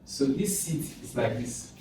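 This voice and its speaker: Slow Nigerian man tutoring in echoey room. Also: mid-range voice, lively intonation, dark tone, slight background noise. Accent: Nigerian English. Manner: slow, thinks aloud, repeats sounds over and over. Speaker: exam prep tutor. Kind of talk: informal exam lesson. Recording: echoey room, far from mic, music behind.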